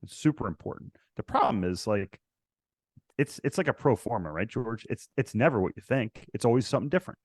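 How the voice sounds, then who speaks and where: A man as a podcast guest, telling stories in a casual, animated way and acting out past conversations. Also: medium pitch, brisk, no room sound, studio quality. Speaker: podcast guest, real estate investor. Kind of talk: casual interview storytelling.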